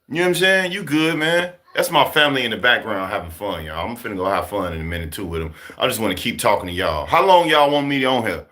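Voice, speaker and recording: Lively, profane storytelling man from Chicago. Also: lowish voice, quick pace, few pauses. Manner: profane, animated, laughing storyteller. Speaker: vlogger talking to his viewers. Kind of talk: casual storytelling.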